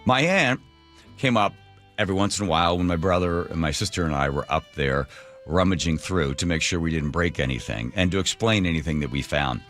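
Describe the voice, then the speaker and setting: A man hosting a radio show, telling a wry family story and history in an animated monologue. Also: low voice, fairly quick, soft background music. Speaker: radio host. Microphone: studio microphone.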